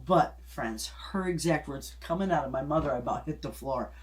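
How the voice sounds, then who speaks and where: A woman's voice: sits low, a little fast, darkish tone. A middle-aged woman hosting a homestead channel, chatting casually and telling a story in a folksy, rambling way with restarts and little chuckles.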